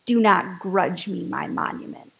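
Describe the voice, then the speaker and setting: A woman putting on an old-fashioned voice to speak as an ancient male Persian king, proclaiming slowly and grandly. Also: on the low side, sing-song, creaky, pitched below the performer's own voice, full character voice. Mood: solemn, grand.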